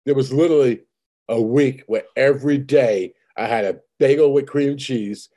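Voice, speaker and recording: A man's voice: mid-range voice, moderate pace, warm tone. A man telling rambling, profane stories in casual conversation as host. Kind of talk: casual chat.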